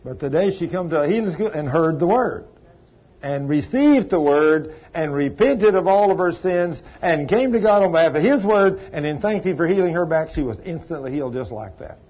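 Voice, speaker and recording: A man's voice: fairly high pitch, animated, normal speed, slightly rough, highs cut off. A man preaching a sermon, folksy and emphatic, telling a story with sudden exclamations.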